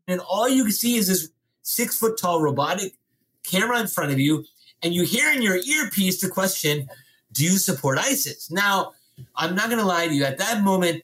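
A man's voice: high voice, fairly bright tone, low-quality recording. A man telling a dramatic story as an interview guest, with emphatic comic timing.

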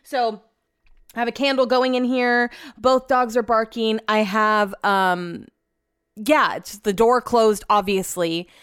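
A woman's voice: a little high, fairly even intonation, slow, a bit bright, clean tone, no echo, studio quality. A woman hosting a casual solo podcast, venting about her day and swearing freely as she rambles, recorded in her home office. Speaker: podcast host.

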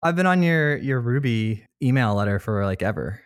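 A man hosting a casual podcast interview, chatty and quick to laugh. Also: mid-range voice, expressive, dry recording, clean studio sound. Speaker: podcast host.

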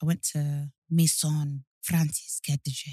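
Playful young woman, low voice. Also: level tone, takes it slowly, warm tone, no room sound, clean studio sound. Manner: playful, apologetic, jokey asides. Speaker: podcast co-host. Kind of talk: casual chat.

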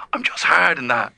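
A man's voice: on the high side, creaky, dry recording, exaggerated voice. A man playing a brash, overwrought young caller who boasts he is hard. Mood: gruff. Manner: boastful, overwrought, swinging between shouting and mumbling. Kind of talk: improvised comedy.

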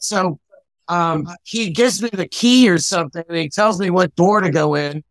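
Male guest, high voice, halting storyteller with lots of fillers; dry sound. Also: a bit bright, no room sound. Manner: rambling, halting, many fillers. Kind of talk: casual memorial chat.

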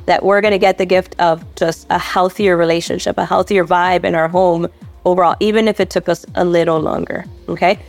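A woman speaking as a parenting expert guest on a podcast, calm and explanatory, repeating her key points. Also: medium pitch, no room sound. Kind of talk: podcast advice talk.

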